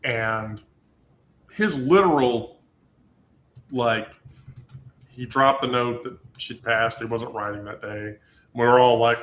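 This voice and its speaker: Male podcast host, bright tone, meandering casual talk, echoey room. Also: medium pitch, slow pace, pauses often. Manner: rambling, many ums and you-knows. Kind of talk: casual chat.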